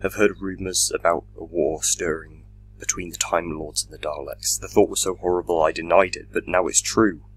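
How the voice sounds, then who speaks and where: A man's voice: low-pitched, steady tone, moderate pace, a little hiss or hum. A man voicing a defiant, shaken male time traveler in a fan audio drama reading, speaking emphatically with a raised voice.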